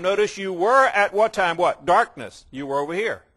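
A man delivers a sermon with emphasis, slowing on key words to stress them and tossing in quick asides that imitate casual believers. His voice sits high, with a sing-song lilt and a sharp edge.

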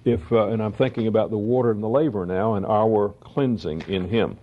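A man teaching the Bible verse by verse, reading scripture slowly and then explaining it in quick asides. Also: on the low side, fairly even intonation. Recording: dull lo-fi recording.

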